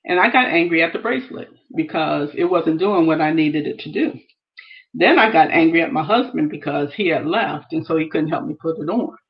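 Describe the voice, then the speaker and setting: A woman's voice: low-pitched, expressive, brisk, highs cut off. A woman giving earnest devotional teaching, reading scripture aloud and repeating key phrases. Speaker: Bible teacher.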